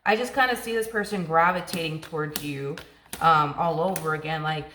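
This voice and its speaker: Casual woman tarot reader, low-pitched, rambling filler-heavy delivery, roomy sound. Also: moderate pace, bright, forceful tone. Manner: chatty, repeats words, many fillers.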